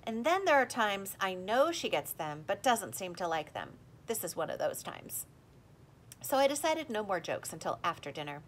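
Lively woman reading a storybook. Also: medium pitch, normal speed, slight background noise. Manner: lively, expressive reading, voicing the characters. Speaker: audiobook reader. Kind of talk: storybook narration with character voices.

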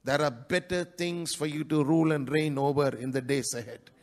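High-pitched male pastor preaching in church, swings from loud to quick asides. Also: fairly even intonation. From India. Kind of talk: sermon.

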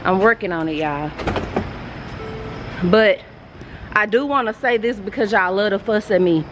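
A woman's voice: mid-range voice, measured pace, highs cut off, over music. A young woman, chatting casually and emotionally to her vlog viewers on a phone camera. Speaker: vlogger.

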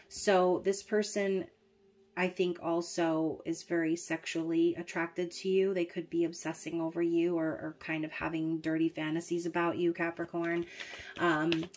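A woman giving a casual, chatty tarot reading, talking straight to the viewer, blunt at times and often checking in with "okay?". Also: fairly low pitch. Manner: chatty, peppered with "okay?" and fillers. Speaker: tarot reader.

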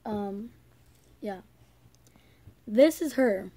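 A woman's voice: medium pitch, animated, extremely slow, dark tone. A female vlogger ranting casually to her viewers, rambling and indignant. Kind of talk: casual vlog rant.

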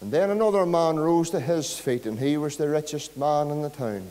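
A man's voice: a little high, normal speed, mellow. A male pastor with a Northern Irish accent preaching a sermon, telling a story and pleading with his listeners. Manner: storytelling, builds to fervent pleading. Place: church. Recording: long hall reverb.

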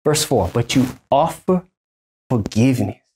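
A man's voice: mid-range voice, lively intonation, a little slow, warm tone, husky. A pastor in his thirties from Hawaii preaching a sermon, emphatic and fond of repeating his key lines.

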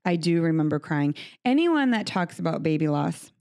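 A woman's voice: deep voice, very animated, moderate pace, a little mellow. A woman hosting a podcast in a recording studio, talking in a heartfelt, earnest way in a conversational interview. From United States. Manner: heartfelt, earnest, speaks of faith. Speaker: podcast host.

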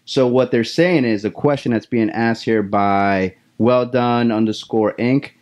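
A man co-hosting a podcast, relaxed and jokey, reading out listener questions. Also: medium pitch, unhurried. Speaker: podcast co-host.

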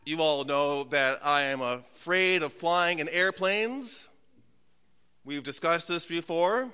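Bright-voiced pastor preaching in a reverberant church. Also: male voice, on the high side, clean tone. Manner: humorous, self-mocking storytelling that drops to slow, hushed emphasis. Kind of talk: sermon. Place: church sanctuary. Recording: long church hall reverb.

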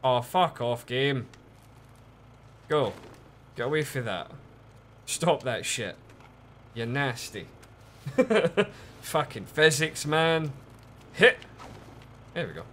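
A man giving casual, lively commentary while streaming a game, chatting with viewers and swearing often. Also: mid-range voice, extremely slow, pauses often, a little hiss or hum.

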